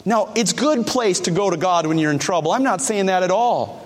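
A male pastor preaches a sermon and keeps asking his congregation direct questions. His voice is notably high for a man. A long reverb rings after his phrases, as in a large church sanctuary. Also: animated, brisk.

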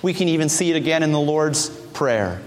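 A man preaching a sermon, animated, acting out the voices of people he quotes. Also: a little high, moderate pace. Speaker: pastor. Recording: church hall reverb.

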